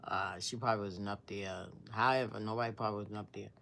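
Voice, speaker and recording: Woman, sixties, storytime vlogger, devout, rambling, hushed at times. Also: very deep voice, steady tone, fast talker, background noise. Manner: rambling, searching for words, drops to a hushed near-whisper; earnest and devout. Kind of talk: emotional personal storytime.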